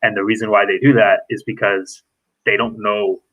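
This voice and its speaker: A man's voice: fairly low pitch, little pitch movement, normal speed, narrow, tinny audio. A man hosting a podcast interview, talking loosely with plenty of fillers. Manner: loose, rambling, heavy on fillers. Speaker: podcast host. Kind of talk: casual interview chat.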